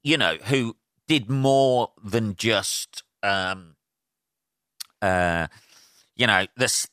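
A man's voice: fairly low pitch, pushed and bright, clear, resonant tone, no room sound, studio quality. A man hosting a casual solo podcast, rambling and swearing freely, full of fillers. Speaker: podcast host.

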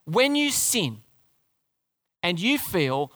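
A male pastor delivers a sermon with a high, lively voice that leaps around in pitch. He is emphatic and keeps firing rhetorical questions at the congregation, and the sound is close and dry. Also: takes it slowly, no echo.

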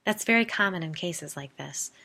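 A woman reading the part of a calm, assured woman exorcist in a spoken story, measured in manner. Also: on the low side, creaky, exaggerated voice. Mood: reassuring. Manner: measured, reassuring.

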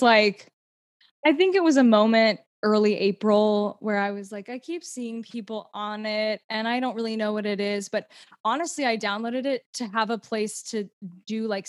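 A woman's voice: mid-range voice, no room sound, clean studio sound. A young woman with an American accent, a musical theatre performer chatting as a guest, full of fillers and restarts. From United States. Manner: chatty, lots of "like" and restarts, laughs easily. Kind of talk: casual chat.

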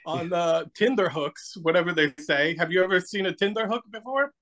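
A man's voice: sits high, brisk, a bit bright. A man, a guest who hosts horror shows and makes masks, talking on a video call in a playful, rambling, self-mocking way. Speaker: guest, horror host and mask maker. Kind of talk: joking interview banter.

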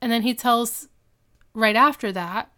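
Give me a woman co-host in casual chat, quoting characters, clear smooth tone. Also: a little high, unhurried, pushed and bright. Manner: chatty, quotes characters while recapping. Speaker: podcast co-host. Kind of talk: casual chat recapping a TV episode.

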